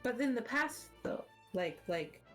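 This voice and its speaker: A woman's voice: on the high side, lively intonation, unhurried, faint music behind. A woman playing a tabletop role-playing game, asking the game master eager questions in casual chat. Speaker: player.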